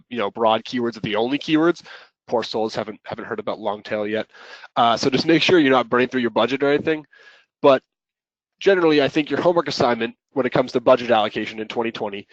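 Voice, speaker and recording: A man's voice: mid-range voice, dry recording. A man presenting a marketing webinar, explaining his advice earnestly and repeating words as he restarts. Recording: dull, dry lo-fi audio.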